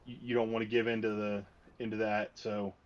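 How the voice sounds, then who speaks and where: A man's voice: lowish voice, little pitch movement, a little fast. A man who runs tabletop games, chatting casually and telling stories with frequent restarts and cursing for emphasis. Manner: storytelling, swears for emphasis, self-interrupting. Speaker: game master and host. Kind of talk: casual chat. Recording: slightly muffled lo-fi stream audio.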